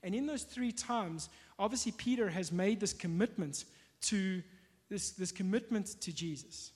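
High-voiced preacher man in a reverberant hall. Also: measured pace. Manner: conversational, with fillers and restarts. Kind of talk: sermon.

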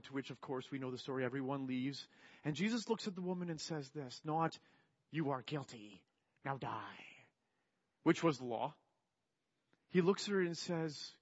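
A man preaching a sermon in an earnest way, moving between soft, quiet passages and emphatic ones. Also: a little high, normal speed, highs cut off. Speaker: pastor.

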